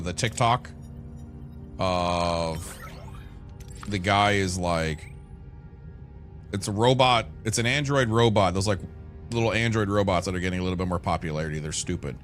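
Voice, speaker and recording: A man's voice: deep voice, moderate pace, fairly bright tone, faint music behind. A man streaming a game, chatting casually to his viewers, rambling and swearing freely. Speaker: gaming streamer. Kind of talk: casual gameplay chat.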